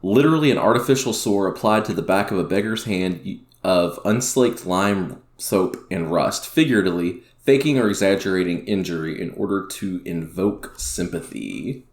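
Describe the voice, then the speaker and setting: A man's voice: sits low, animated, moderate pace, few pauses. A man hosting a casual gaming podcast, reading listener questions in an easygoing way. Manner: easygoing, laughs often. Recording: roomy echoey room.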